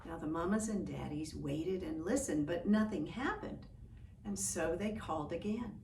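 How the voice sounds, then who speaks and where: A woman telling a folk tale for children, slow and expressive, inviting listeners to join in. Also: mid-range voice. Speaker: storyteller. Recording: echoey room, distant mic, faint hiss.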